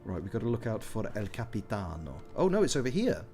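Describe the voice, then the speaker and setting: A man's voice: on the low side, sing-song, fast talker, mellow, soft background music. A man giving casual let's-play commentary, chatting with his chat and rambling into jokey asides. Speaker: gameplay commentator.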